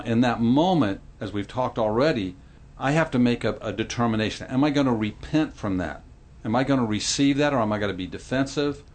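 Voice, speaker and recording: A middle-aged man speaking earnestly in a Christian podcast discussion, explaining and acting out quoted lines like a pastor. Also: medium pitch.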